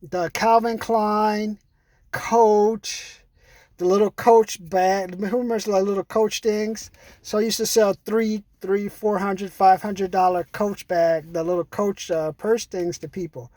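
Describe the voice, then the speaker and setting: A man's voice: sits high, fairly even intonation, a little slow, warm tone, dry recording. A middle-aged man giving a rambling, pushy sales pep talk, swearing and calling the listener "man". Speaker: sales trainer. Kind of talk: casual motivational sales talk.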